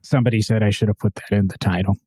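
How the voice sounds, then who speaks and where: A man's voice: fairly low pitch, steady tone, racing, darkish tone, slightly rough, no echo. A man co-hosting a casual car podcast, chatting in a rambling, joking way. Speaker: podcast co-host. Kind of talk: casual chat.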